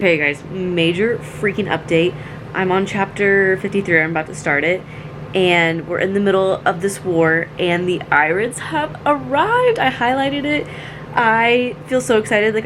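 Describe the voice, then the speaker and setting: A woman's voice: deep voice, creaky. A young woman vlogging casually at home about a book she is reading, emotional and full of "like"s. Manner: gushing, emotional, filler-heavy with many "like"s. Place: at home with her dog.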